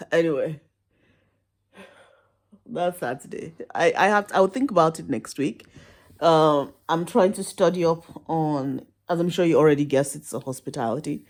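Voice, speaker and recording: A woman's voice: lowish voice, darkish tone. Tired, rambling woman vlogger. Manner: rambling, laughing and self-deprecating. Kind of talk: casual chat to camera.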